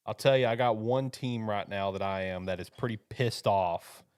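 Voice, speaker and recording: A man's voice: on the low side, normal speed, darkish tone, clear, resonant tone, dry recording. A man hosting a mock draft with playful banter and frequent laughter. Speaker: host running a mock draft. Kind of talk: casual joking chat.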